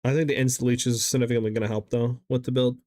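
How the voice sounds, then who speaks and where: A man's voice: medium pitch, little pitch movement, racing, mellow, no room sound. Man chatting casually on a game stream. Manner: rambling, answers chat, many fillers.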